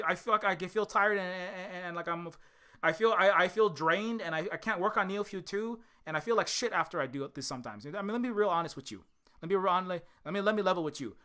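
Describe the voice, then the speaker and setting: Speaking directly to camera, a man from Hawaii who makes indie games launches into an angry, profanity-filled rant in a high-pitched voice. He keeps repeating himself and lurches from yelling to sounding worn out.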